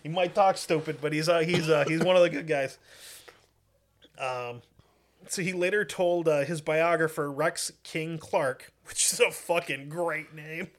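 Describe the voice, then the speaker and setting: A man's voice: on the high side, steady tone, unhurried. A man from the United States telling a history story in a casual, profane, joking way with lots of fillers. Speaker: podcast host.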